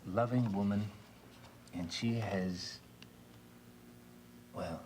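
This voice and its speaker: An earnest, heartfelt widower in a soap opera. His voice is fairly low and reflective, with a faint hiss under it. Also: drawn-out words, a little mellow.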